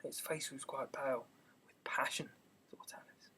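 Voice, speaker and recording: A man's voice: mid-range voice, normal speed, long pauses, pushed and bright, breathy edge, in a whisper. A man narrating an amateur audiobook reading, telling the story steadily with small stumbles.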